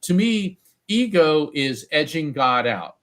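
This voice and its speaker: A man's voice: fairly high pitch, takes it slowly. A man guesting on an interview podcast as a psychic medium, telling stories and acting out what others said. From United States. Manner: animated storyteller, acts out quoted voices. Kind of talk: storytelling interview.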